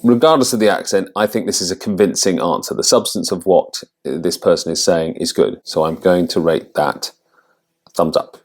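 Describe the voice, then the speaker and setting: A man working as an accent coach, thinking aloud as he rates quiz answers, with halting restarts. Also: deep voice. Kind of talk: casual commentary on a quiz.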